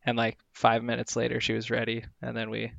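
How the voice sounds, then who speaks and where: A man's voice: mid-range voice, monotone, fairly quick, gravelly, a bit bright, no echo, muffled recording. A man in casual chat, telling a rambling story with lots of filler words.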